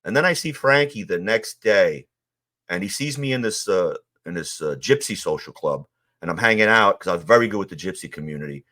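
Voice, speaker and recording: A man from Queens, telling stories in a casual interview, animated and acting out the quotes of others. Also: low voice, fairly quick. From Queens, New York. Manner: animated, acts out quotes, swears. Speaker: guest, former mob associate.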